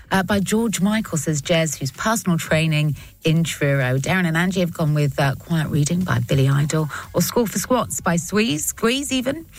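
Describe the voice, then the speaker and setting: A woman's voice: fairly low pitch, no echo. Playful woman radio presenter. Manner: lively, playful, reads out puns with quick reactions. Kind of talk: upbeat radio chat reading listener texts. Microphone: studio microphone.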